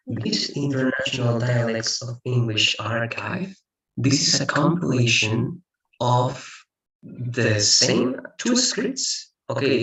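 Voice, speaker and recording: A man's voice: medium pitch, fairly bright tone. Man tutoring English on a roomy video call. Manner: rambling, with frequent restarts and repeated "again". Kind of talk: online tutoring lesson. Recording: echoey room, far from the mic.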